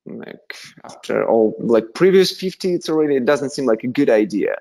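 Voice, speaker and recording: A man with a Russian accent, a guest telling animated anecdotes in a casual interview, with frequent fillers and laughter. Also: mid-range voice, normal speed, vocal fry.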